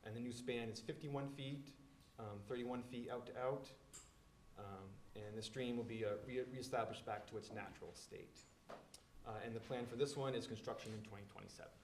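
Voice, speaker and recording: A man walks a public board through engineering details, explaining as he goes and leaning on plenty of ums and uhs. His voice sits at an ordinary middle pitch. The room carries a noticeable echo with a faint rumble underneath. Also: fairly even intonation, moderate pace. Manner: explanatory, many fillers. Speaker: bridge engineer presenting. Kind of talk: meeting presentation.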